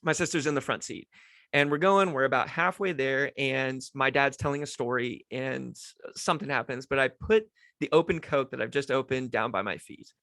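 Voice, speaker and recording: A man's voice: mid-range voice, normal speed, fairly bright tone, dry recording. A young man hosting his own podcast, telling a childhood story in a rambling, self-deprecating way with lots of restarts. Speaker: podcast host. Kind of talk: casual storytelling monologue. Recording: dry home setup.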